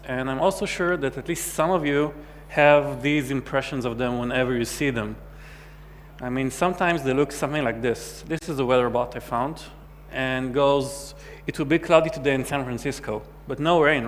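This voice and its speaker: Speaking at normal speed in a mid-range voice, a man from Israel presents a technical talk at a conference. His style is playful, and he performs the chats he quotes. The recording carries a big hall's reverb and a faint hum.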